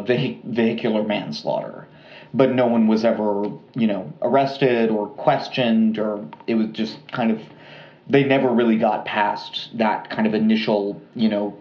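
A man's voice: on the low side, unhurried, roomy sound, dull audio. Chatty man telling a true crime story. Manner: relaxed, rambling with fillers and restarts. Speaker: podcast co-host.

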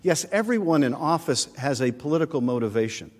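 A man's voice: fairly high pitch, expressive, brisk. A man presenting a formal legal argument at a podium microphone in a large chamber, earnest and pressing his points. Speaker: prosecuting manager. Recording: long reverb in large chamber.

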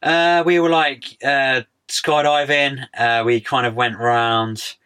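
A man's voice: mid-range voice, fairly even intonation, slow, sharp tone, clean tone. A young man chatting casually as a podcast guest, laid-back, full of slang and "mate". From United Kingdom. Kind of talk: casual interview chat.

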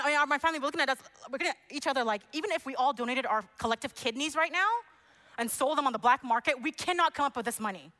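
A woman preaching a passionate sermon that builds to loud exclamations. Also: high-pitched.

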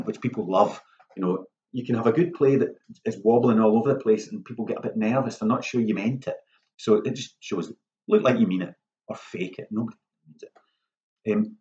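A man's voice: fairly low pitch, muffled recording. A man, a playwright, giving casual, self-mocking writing advice in a workshop talk. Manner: lively, self-mocking, acts out lines in a hushed voice.

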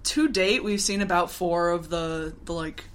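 A woman's voice: on the low side, steady tone, a little slow. A woman co-hosting a casual podcast chat, rambling and laughing often, swearing now and then. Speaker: podcast co-host.

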